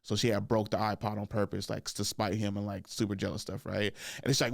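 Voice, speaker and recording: A man's voice: fairly low pitch, brisk, gravelly, dry recording, clean studio sound. A man in his thirties hosting a podcast, telling a story casually with frequent laughs and "like" and "right?" fillers. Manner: laughs often, fills with "like" and "right?". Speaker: podcast host.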